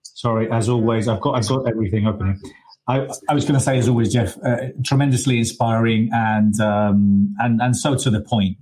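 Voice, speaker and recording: Low-voiced host with halting speech. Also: male voice, fairly even intonation, a little mellow, low-quality recording. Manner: hesitant, many restarts. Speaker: event host. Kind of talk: casual chat. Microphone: video call.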